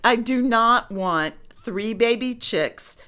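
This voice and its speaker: A woman's voice: on the high side, lively intonation, slow, sharp tone, smooth, heavily acted. A woman voicing a big, fussy male elephant who complains indignantly in a read-aloud storybook. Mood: complaining.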